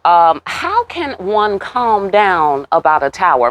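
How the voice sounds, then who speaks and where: A woman giving a casual tarot reading. She talks straight to the viewer with a lot of attitude and cursing, and jumps up in pitch on her rhetorical questions. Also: sing-song, normal speed, hardly any pauses, fairly bright tone. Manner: sassy, talks straight to viewers, curses freely. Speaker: tarot reader.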